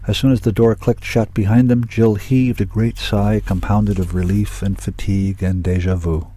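A man narrating an audiobook in a steady, measured reading. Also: sits low.

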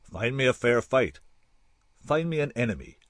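A man's voice: mid-range voice, big pitch swings, moderate pace, no echo, studio quality, voice pushed up. A man voicing a hulking, bitter male space warrior who speaks in blunt threats. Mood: menacing.

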